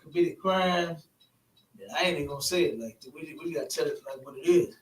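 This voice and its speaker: High-voiced man, rambling in an echoey room. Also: brisk, distant mic. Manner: rambling, repeats "you know what I'm saying". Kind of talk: casual spoken discussion. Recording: echoey room, voice from off-mic, faint hiss.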